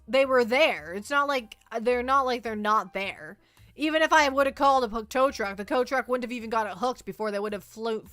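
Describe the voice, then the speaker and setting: A woman streaming as a VTuber, chatting casually in a rambling, animated way and reacting to her chat. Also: fairly high pitch, no echo. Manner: rambling, animated storytelling, reads chat aloud.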